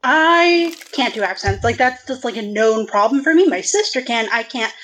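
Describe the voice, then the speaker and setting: A woman's voice: a little high, expressive, moderate pace, fairly bright tone, poor audio. A woman role-player in a casual panel discussion, self-deprecating and hedging with "like".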